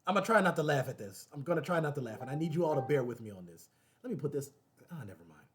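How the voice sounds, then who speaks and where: A man's voice: fairly high pitch, rapid-fire. A man hosting his own show, talking casually and animatedly to the camera, repeating phrases and breaking into laughter. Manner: animated, repetitive, laughing asides. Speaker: show host.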